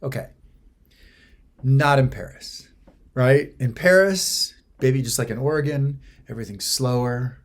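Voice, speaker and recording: A man's voice: mid-range voice, a little slow. A man co-hosting a podcast, telling a travel story in casual chat and checking often that his co-host agrees. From United States.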